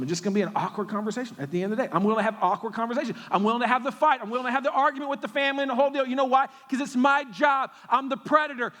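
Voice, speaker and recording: High-voiced preacher in a reverberant church. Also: male voice, fairly bright tone. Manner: emphatic, repetitive preaching with quick jokes. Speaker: pastor. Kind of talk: sermon. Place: church sanctuary. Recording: long hall reverb.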